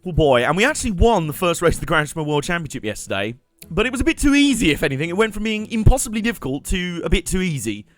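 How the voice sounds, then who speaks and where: Young man, live game commentary, slightly high voice, joking asides, faint music behind. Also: a bit bright. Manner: chatty, joking, rambling asides with laughs. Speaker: streamer.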